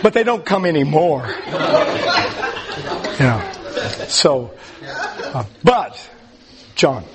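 A man's voice: on the high side, sing-song, very slow, long pauses, over a noisy crowd. A man teaching a Bible class in a casual, rambling way, with frequent ums and restarts.

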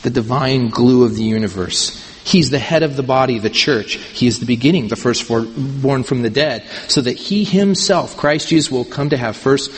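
A man's voice: mid-range voice, moderate pace. A man preaching a sermon as pastor, earnest and emphatic, repeating words to drive his points home. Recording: reverberant hall.

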